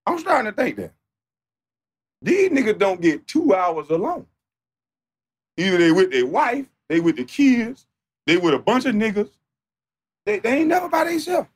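Loud, animated man ranting on stream. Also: sits high, normal speed, long pauses. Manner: animated, profane, mocking, often shouting. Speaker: livestreamer. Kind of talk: off-the-cuff livestream rant.

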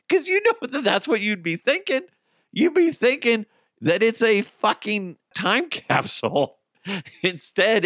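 A man's voice: sits high, very animated, takes it slowly, long pauses, fairly bright tone, no echo, clean studio sound. A man hosting a podcast, telling stories in a casual, profane, comedic way and laughing at his own jokes. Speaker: podcast host.

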